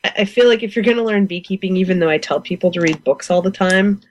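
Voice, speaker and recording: A woman's voice: mid-range voice, fast, poor audio. A woman in her forties from the United States, a guest beekeeper chatting in an interview, enthusiastic and laughing often. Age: 40s. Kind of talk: casual interview chat.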